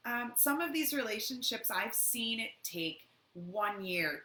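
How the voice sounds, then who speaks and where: A woman's voice: mid-range voice, sharp tone. A woman educator who works on domestic violence, answering viewer questions in an earnest Q&A and explaining through acted-out examples. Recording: echoey room with faint background noise.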